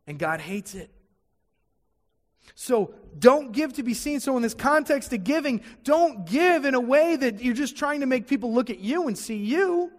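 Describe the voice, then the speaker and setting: A man's voice: sits high, long reverb tail. A man preaching a sermon to a congregation in a church, stressing his points by repeating them. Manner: emphatic preaching with repeated phrases. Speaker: pastor. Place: church sanctuary before a congregation.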